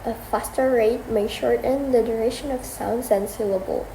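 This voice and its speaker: A young woman student reading the summary of a class presentation in an even, measured way. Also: fairly high pitch. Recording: roomy echo with faint background noise.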